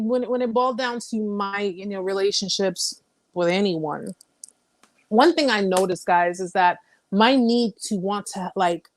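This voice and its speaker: Woman host, young adult, mid pitch, dry close sound, blunt and emphatic, repeats herself to drive a point home. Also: no echo. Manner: reads viewer comments aloud. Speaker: host of a live chat. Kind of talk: casual live-stream chat.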